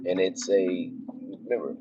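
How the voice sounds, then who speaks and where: A man's voice: low-pitched, steady tone, moderate pace, creaky, noisy background. A man, a military officer, talking in a rambling, casual vlog style with lots of fillers. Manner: rambling, conversational, many fillers. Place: driving onto a military base. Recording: dull lo-fi sound.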